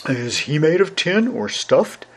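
A man's voice: on the high side, big pitch swings, unhurried, pitched above the performer's own voice. A man doing a big cowardly storybook lion. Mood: bewildered. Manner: loud, stammering, mournful. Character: big timid male lion, sorrowful.

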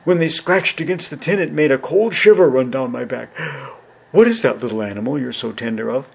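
A man's voice: mid-range voice, fairly quick, gravelly, breathy edge. A man reading aloud, voicing a huge but timid male lion who stammers and speaks sorrowfully, from a storybook. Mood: bewildered. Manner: loud, stammering, mournful.

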